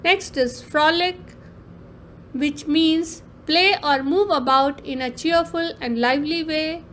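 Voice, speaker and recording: Slow, high-voiced woman teacher. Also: fairly bright tone, a little hiss or hum. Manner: slow, explaining word meanings carefully. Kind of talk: online class lesson.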